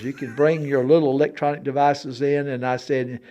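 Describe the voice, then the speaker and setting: A man spins a personal tale in relaxed conversation. He drops his voice low for the quiet parts, then bursts loud and high to act out the booming and the shouting, laughing along the way. His voice sits at an ordinary middle pitch for a man. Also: normal speed, lo-fi sound. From Alabama. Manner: animated, swings from hushed to loud for sound effects, laughs often. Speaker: storyteller guest on a talk show. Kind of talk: casual storytelling conversation.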